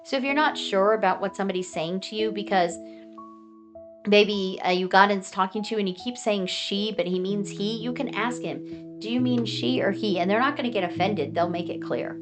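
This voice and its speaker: A woman's voice: medium pitch, normal speed. American woman, vlog host, earnest and talkative, music bed under her voice. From United States. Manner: chatty and earnest, often acting out other people's replies. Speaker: vlogger giving advice to foreigners. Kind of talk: casual advice talk.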